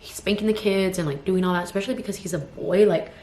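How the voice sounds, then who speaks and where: Her lowish, slightly mellow voice moves fast, over a little hiss or hum. The vlogger, a woman in her twenties with two toddlers, vents in a rambling get-ready-with-me chat peppered with "like" and "you know," recorded with roomy echo and faint ambience.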